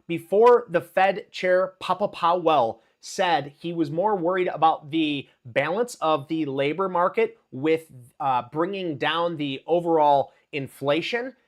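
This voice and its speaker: A high-voiced man hosts a live market news stream. He talks in a hyped, chatty way and shouts out viewers by name between headlines. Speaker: livestream market commentator.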